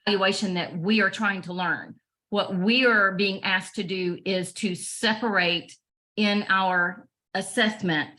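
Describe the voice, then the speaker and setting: A woman's voice: mid-range voice, pushed and bright. A woman on a video call asking a question in a training session, thinking aloud with hesitant fillers. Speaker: trainee adjudicator.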